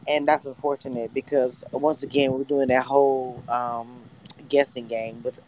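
A man's voice: mid-range voice, level tone, moderate pace, a little mellow, poor audio. Hesitant man with faint background noise. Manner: hesitant, many fillers. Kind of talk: casual live reaction chat.

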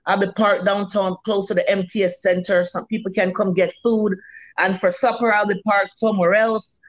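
A middle-aged Jamaican woman, a food vendor, chatting in an interview as a lively storyteller who swears freely. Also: medium pitch, moderate pace, dry recording, rough recording. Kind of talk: casual interview chat.

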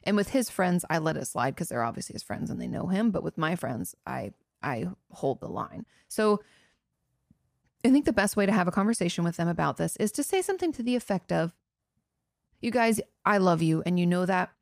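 Female therapist-host, casual advice chat, earnest and conversational, slight vocal fry. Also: lowish voice, big pitch swings, fairly quick, no room sound, studio quality. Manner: earnest, conversational, frequent "you know" asides. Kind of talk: casual advice talk answering listener questions.

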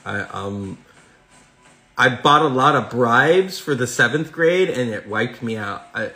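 A man hosting a film podcast, rambling in casual, profane, excitable talk. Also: mid-range voice, a little slow, husky. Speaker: schoolteacher. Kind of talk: casual solo podcast monologue.

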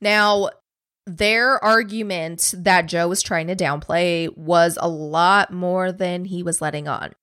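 A woman's voice: fairly low pitch, steady tone, takes it slowly, a bit bright, clean tone, dry recording, studio quality. Casual, swearing woman telling a true crime story. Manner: casual, swears a lot, acts out quotes. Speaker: podcast co-host telling a true crime case.

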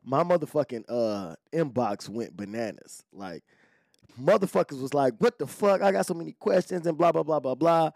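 A young adult man hosting a podcast in casual, profane, animated chat, speaking to his listeners. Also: a little high, normal speed, vocal fry, no echo. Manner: profane, animated, talks straight to male listeners. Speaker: podcast host.

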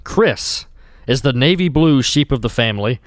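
A man's voice: mid-range voice, lively intonation, normal speed, no room sound, studio quality. Young male host, playful announcer read, laughs through his lines. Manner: laughs often, breaks off mid-sentence. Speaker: podcast host reading a Mad Libs story. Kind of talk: casual chat and mock announcer reading.

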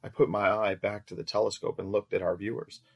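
A man narrating a first-person story in a very low, gravelly voice. His reading is steady and measured, with a husky, rough edge to the tone.

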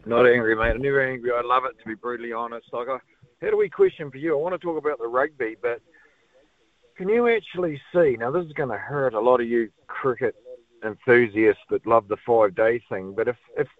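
A man with a New Zealand accent calling into a radio show, talking in an animated, rambling way. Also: medium pitch, a little fast, no room sound. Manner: animated, rambling, lots of "like" and "mate". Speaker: caller. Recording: phone line.

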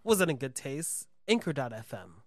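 A man hosting a podcast, playful and crude, cracking quick jokes in casual banter. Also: medium pitch, sing-song, dry recording, studio quality. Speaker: podcast host.

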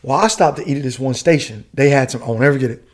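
A middle-aged man from the United States telling a story as a podcast guest, casual and profane, full of animated asides. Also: mid-range voice, fast. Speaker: guest, retired Army warrant officer.

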